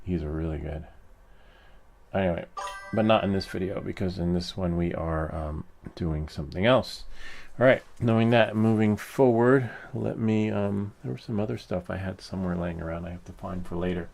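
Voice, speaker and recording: A man's voice: low-pitched, moderate pace, vocal fry, darkish tone, slight background noise. A man chatting casually with his live-stream viewers, rambling and teasing with many fillers and chuckles. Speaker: live streamer and 3D printing hobbyist.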